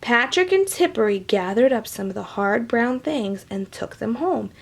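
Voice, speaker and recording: A woman reading a children's picture book aloud, with animated, chatty asides to young listeners. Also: a little high, normal speed, gravelly. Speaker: storybook reader.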